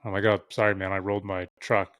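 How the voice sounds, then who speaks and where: A young man with a lowish voice tells a winding story in casual podcast chat. He swears freely and puts on the voices of people he quotes. The sound is close and dry, with no room around it. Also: little pitch movement, fast talker, fairly bright tone, clear, resonant tone, no room sound. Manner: rambling, heavy swearing, acts out quoted voices. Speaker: podcast guest.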